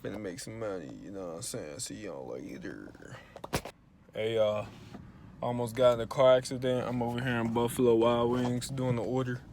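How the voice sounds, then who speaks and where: A young man vlogging in a casual, slangy, laid-back way, telling stories with animated bursts. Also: mid-range voice, moderate pace, slight background noise. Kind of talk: casual vlog chat.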